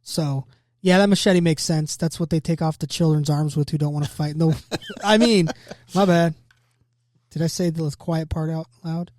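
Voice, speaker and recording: A man's voice: a little high, fairly even intonation, normal speed, darkish tone, dry recording, clean studio sound. A young man hosting a casual podcast, joking loosely and reading facts aloud. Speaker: podcast host. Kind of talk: casual chat.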